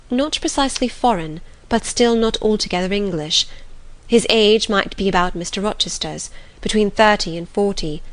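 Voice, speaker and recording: A woman reads a classic novel aloud in a calm, gentle storytelling manner. Her pitch sits in a middle range. The recording is dry and close. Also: dry recording. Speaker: audiobook narrator. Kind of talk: scripted classic novel narration.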